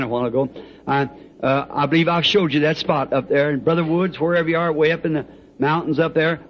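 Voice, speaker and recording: A man's voice: on the high side, slight background noise. A man preaching a sermon to a congregation, fervent and rhythmic, telling stories with chuckles. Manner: fervent, rhythmic, storytelling with laughs. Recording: dull lo-fi old tape recording.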